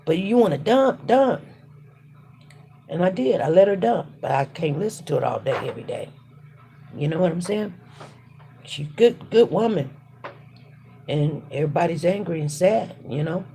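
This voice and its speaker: A woman's voice: on the low side, lively intonation, moderate pace, long pauses, dark tone, slight background noise. A woman hosting a casual livestream, talking through her thoughts in an emphatic, repetitive way while she works. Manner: repetitive, emphatic, faith-centred musing. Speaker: livestream host. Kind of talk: casual spoken reflection while working.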